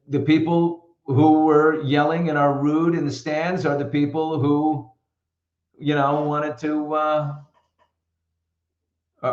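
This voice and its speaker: A middle-aged man hosting a casual live show, telling stories in an animated, opinionated way. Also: fairly high pitch, echoey room, highs cut off. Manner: chatty storyteller, animated and opinionated. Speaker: host. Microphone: computer mic.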